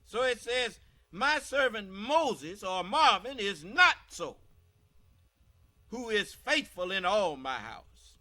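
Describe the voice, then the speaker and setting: Animated, high-pitched American preacher man. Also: slow pace, pauses often. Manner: emphatic, asks the listeners questions. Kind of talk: scripture teaching sermon.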